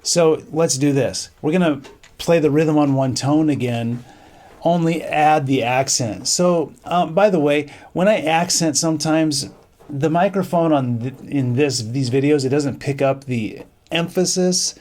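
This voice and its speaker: A man's voice: fairly high pitch, a little slow, darkish tone. Man counting off a band lesson. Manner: counts off beats and sings rhythms on syllables. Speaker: band director teaching music.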